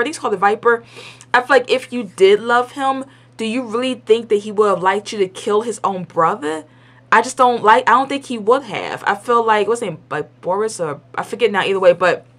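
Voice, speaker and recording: Recording at home, a young adult woman with a medium-pitched, slightly bright voice reviews an episode casually. She's chatty and rambling, blunt and opinionated, full of "like" and restarts, with colloquial grammar.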